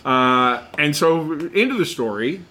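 A middle-aged man and former car salesman, telling a rambling story in casual chat and animated when he quotes others. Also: mid-range voice, measured pace.

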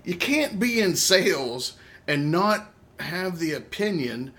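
A man's voice: high voice, sing-song, takes it slowly, a bit bright. A man hosting a podcast, chatting casually and steering the conversation. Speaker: podcast host.

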